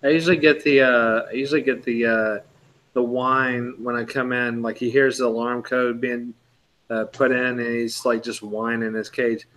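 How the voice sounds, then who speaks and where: A man hosting a casual chat stream, rambling and animated, swearing offhandedly. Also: mid-range voice, moderate pace, low-quality recording. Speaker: host.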